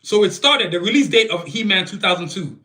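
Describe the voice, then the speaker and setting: A man's voice: sits high, brisk. A man hosting a solo podcast, talking casually with slang and heated, opinionated asides. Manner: animated, slangy, opinionated rants. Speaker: podcast host. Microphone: phone camera.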